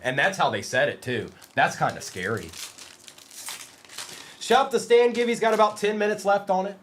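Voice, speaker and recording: A livestream card break host speaks at a normal speed in a medium, slightly bright voice that swings widely in pitch, with a bit of background noise. He names players as packs are opened and ribs his chat playfully.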